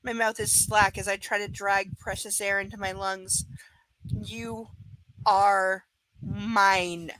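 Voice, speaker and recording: A woman's voice: mid-range voice, little pitch movement, normal speed, few pauses, pushed and bright, no echo, rough recording. A woman reading a romance novel aloud to a live audience, breaking off for frank, profane asides. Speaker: live book reader. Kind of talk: live reading with blunt commentary.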